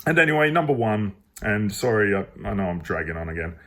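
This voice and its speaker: A football fan channel host reviews a match to camera from home on his phone, rambling, exasperated and bursting out emphatically. His voice is fairly low and a bit bright, fast, with big swings in pitch.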